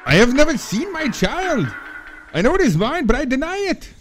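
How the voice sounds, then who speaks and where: A ruthless, bitter oilman, put on by a man snarls his lines in a growl, pitched well above the man's own voice. The delivery swings widely, overdone for laughs. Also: sing-song, normal speed, music in the background. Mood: menacing.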